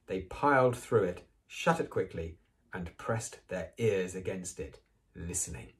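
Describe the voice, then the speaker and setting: A man reading a children's novel aloud, with expressive, animated storytelling. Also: deep voice, unhurried. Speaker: reader.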